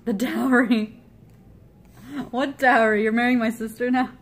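A woman's voice: fairly high pitch, steady tone, a little slow. A woman streamer chatting casually with friends, giggling often. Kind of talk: casual chat.

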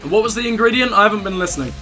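Young dude joking around while gaming, kinda high voice, faint music behind. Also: male voice, lively intonation, rapid-fire, sharp tone. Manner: joking, crude banter with laughs. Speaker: let's play host. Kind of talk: casual gameplay commentary.

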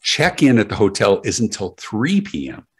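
A man's voice: fairly low pitch, huge pitch swings, normal speed, slightly rough. A man answering interview questions about customer service, emphatic and full of anecdotes, often restarting his words. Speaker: guest speaker on customer service.

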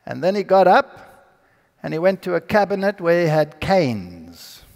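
A man with a high voice tells a personal testimony before an audience and acts out the people in it. His voice rings through a large hall with a long reverb tail. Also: measured pace, gravelly. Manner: animated storyteller who acts out the people in his story. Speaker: speaker giving a personal testimony. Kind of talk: storytelling sermon to an audience.

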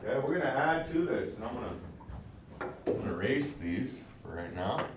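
A man teaching a language class, saying words slowly and clearly so the students can repeat them. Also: mid-range voice, big pitch swings. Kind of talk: classroom lesson. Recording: echoey room, mic far off, faint noise.

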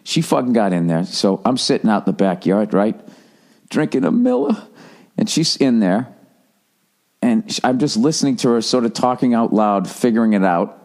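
American guy ranting on his podcast, swears a lot, kinda low voice, rambly and self-mocking. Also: big pitch swings, normal speed, a little mellow. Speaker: podcast host. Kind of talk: comedic ranting monologue.

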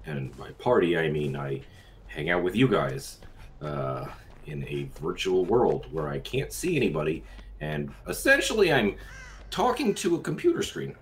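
A man's voice: extremely low pitch, big pitch swings, measured pace, fairly bright tone, slight background noise. A young adult man streaming live, chatting casually with crude jokes and frequent laughter. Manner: crude, joking, laughs often.

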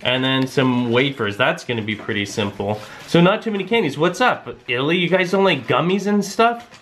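A man's voice: on the high side, animated, fairly quick, a bit bright, slight background noise. A tired man from Canada, chatting casually and rambling a little as he hosts his family vlog. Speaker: family vlogger.

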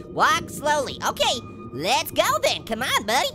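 A squeaky, giggly talking orange. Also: male voice, takes it slowly, heavily acted. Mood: goofy. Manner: punning, giggling, chattering excitedly. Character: wisecracking male talking orange, giggly prankster. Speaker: gaming channel host. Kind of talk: cartoon-character game commentary. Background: loud game music.

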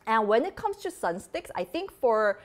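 A very animated woman with a fairly high pitch speaks at normal speed as she hosts a beauty vlog. Demoing products live, she stays chatty and bubbly, leaning on "like" as a filler again and again.

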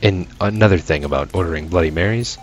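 A man's voice: low-pitched, quick pace, faint music behind. A man giving casual, profane gameplay commentary, ranting with sarcastic asides and sounding tired late at night. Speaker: gaming channel host.

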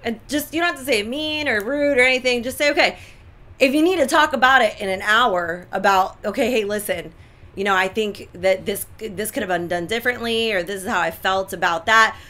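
A middle-aged woman co-hosts a casual relationship advice chat. Her voice is bright and slightly forceful. She is emphatic and animated, and she drives her points home by repeating them. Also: medium pitch, a little fast. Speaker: co-host giving relationship advice.

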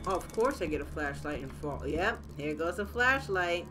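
A young woman playing a horror game and reacting out loud, profane and jokey as she goes. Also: low-pitched, lively intonation, moderate pace, loud music behind the voice. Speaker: gaming channel host.

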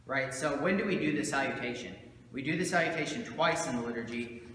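Bright-voiced pastor in an echoey church. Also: male voice, mid-range voice, a little fast, a little hiss or hum. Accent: Southern American. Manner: conversational, many fillers and asides. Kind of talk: casual teaching talk in church. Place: church sanctuary. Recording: roomy church hall with long echo.

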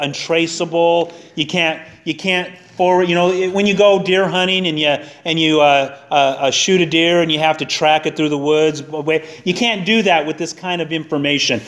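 A middle-aged male pastor preaching in a church sanctuary. He keeps the sermon folksy and conversational, with a fairly high voice for a man.

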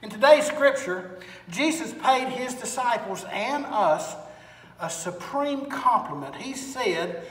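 A male pastor delivers a sermon in a folksy, storytelling way and keeps pressing his listeners with questions. His voice is high for a man and bright. It rings through a large, reverberant church from some distance off the mic. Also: lively intonation, slow pace. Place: church sanctuary. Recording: echoey hall, far from mic.

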